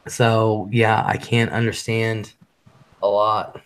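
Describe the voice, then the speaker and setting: A man hosting a casual live stream. He talks fast, swears freely and reads chat messages aloud. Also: lowish voice, flat delivery.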